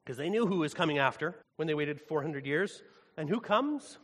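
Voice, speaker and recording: Casual preacher in reverberant hall. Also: male voice, fairly high pitch, moderate pace. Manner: casual, animated, conversational preaching. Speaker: pastor. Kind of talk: sermon.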